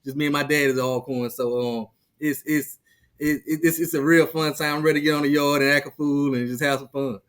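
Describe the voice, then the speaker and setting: A man in his thirties in casual sports talk, excitable, stumbling over his words and repeating himself. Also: on the high side, fairly quick. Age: 30s. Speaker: guest, rival team insider.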